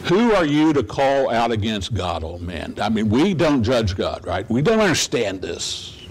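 A man preaching in a relaxed, conversational way, his voice sitting at a middle pitch. He keeps asking the congregation rhetorical questions. A faint hiss of background noise runs under the recording. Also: unhurried, low-quality recording. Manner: conversational, asks the audience rhetorical questions with "right?"; acts out pleading voices in quotes. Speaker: pastor. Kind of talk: sermon.

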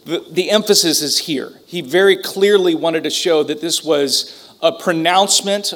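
A man teaching a Bible lesson from the pulpit in a relaxed, conversational way. His voice sits fairly high for a man, and he often pauses, restarts and fills gaps with um and uh. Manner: conversational, with frequent fillers and restarts. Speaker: pastor. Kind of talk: sermon teaching.

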